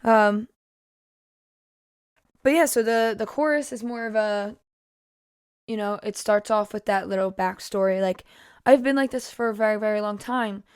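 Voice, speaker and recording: A woman's voice: medium pitch, normal speed, pauses often, clean tone, no echo, clean studio sound. A woman musician chatting casually about her own song, rambling through tangents with frequent laughs and fillers. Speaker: singer-songwriter discussing her song. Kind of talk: casual podcast chat.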